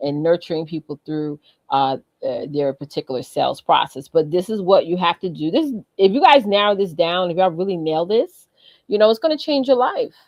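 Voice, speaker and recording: An upbeat woman co-hosts a casual business talk show, chatty and quick to laugh. Her voice sits a little low and sounds dry and close to the mic. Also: expressive, dry recording, dull audio. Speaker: co-host.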